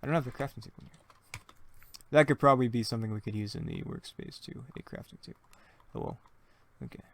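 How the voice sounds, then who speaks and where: Young man, gaming host, casual let's-play chatter, rambling, self-deprecating, gravelly vocal fry. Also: medium pitch, wildly swooping pitch, fast talker. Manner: rambling, thinks aloud, self-mocking jokes.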